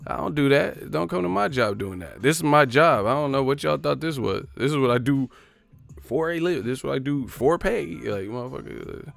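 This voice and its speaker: A man's voice: mid-range voice, animated, a little fast, vocal fry, no echo. A man hosting a boxing livestream, ranting casually and profanely while driving his car. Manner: profane, rambling, mocking. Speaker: boxing channel host.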